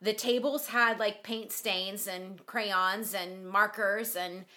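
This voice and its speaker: A woman co-hosting a podcast in casual chat, listening closely and quick to laugh along. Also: mid-range voice, steady tone, pushed and bright. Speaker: podcast co-host.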